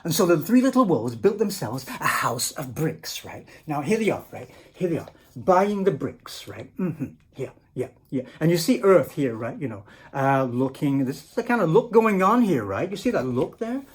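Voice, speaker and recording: A man's voice: fairly high pitch, very animated, normal speed, hardly any pauses, husky. A man reading a picture book aloud and musing over its pictures. He talks casually and keeps tagging lines with "right?" and "you know". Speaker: storyteller and teacher.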